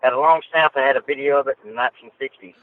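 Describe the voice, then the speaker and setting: A man's voice: mid-range voice, rapid-fire. Blunt man over a tinny phone line. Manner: blunt, scoffing dismissals. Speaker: guest researcher. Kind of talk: casual interview chat.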